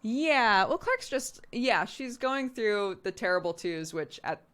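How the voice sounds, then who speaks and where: A woman's voice: medium pitch, expressive, slow pace, a bit bright, smooth. A woman hosting a live stream, chatting casually and frankly, often laughing and swearing now and then. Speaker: streamer and host. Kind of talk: casual chat.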